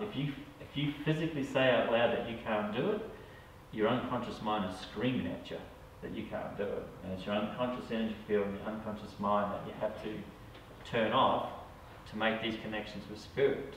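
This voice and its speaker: With a fairly low-pitched voice, an Australian psychic medium talks in a relaxed, conversational way to a small group, checking in with "all right?" again and again. An echoey room, a distant mic and slight background noise shape the sound.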